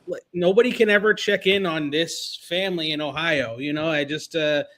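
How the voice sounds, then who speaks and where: Bright, rambling man in casual podcast chat. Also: fairly high pitch, fairly even intonation, normal speed. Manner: rambling, filler-heavy, laughs at own jokes.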